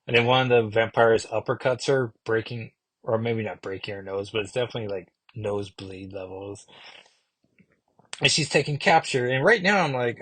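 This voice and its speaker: Brief: an everyday man chatting through a comic review, mid-pitched, dry close mic, loose and rambling. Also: moderate pace, fairly bright tone, breathy edge, no echo. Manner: rambling, with many fillers and self-corrections. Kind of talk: casual comic book review.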